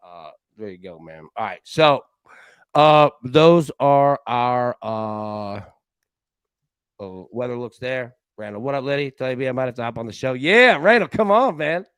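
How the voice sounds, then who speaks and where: An excitable man hosts a live betting show in a loose, slangy way, often stumbling and restarting his words. His voice sits at an ordinary middle pitch. The sound is dry and close, with no room echo. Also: unhurried, smooth. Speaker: sports betting show host. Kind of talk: casual live-show commentary.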